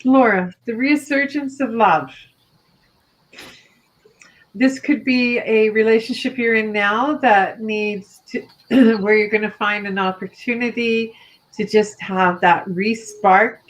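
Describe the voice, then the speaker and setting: A woman co-hosting a live online stream, giving gentle advice from drawn cards. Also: a little high, takes it slowly, rough recording. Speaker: psychic card reader. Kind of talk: live online card reading.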